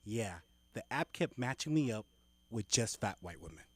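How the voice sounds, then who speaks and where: A man doing a stand-up set on a comedy club stage, telling a story in a deadpan way. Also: fairly low pitch, normal speed, husky, no room sound. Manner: deadpan storytelling, acts out phone calls.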